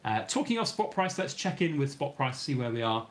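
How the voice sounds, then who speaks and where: A man's voice: mid-range voice, very animated, brisk. Chatty British man rambling on a live stream. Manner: rambling, chatty, reads out viewer comments. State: starting to lose his voice. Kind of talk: casual live stream chat.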